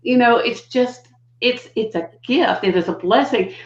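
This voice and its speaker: An older woman, a guest educator, telling stories conversationally and acting out what people said with big jumps in her voice. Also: unhurried. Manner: animated, acts out quotes with big pitch jumps. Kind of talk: conversational storytelling. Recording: dull lo-fi audio in a roomy space.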